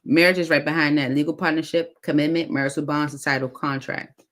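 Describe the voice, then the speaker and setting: A woman reading tarot cards aloud in a casual, chatty way, thinking out loud with many fillers. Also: low voice, fairly even intonation, brisk. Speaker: tarot reader.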